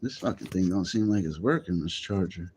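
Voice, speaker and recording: A man's voice: deep voice, brisk, background noise. A man chatting casually on a livestream, rambling and swearing freely. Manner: profane, rambling, easily frustrated. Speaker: live streamer.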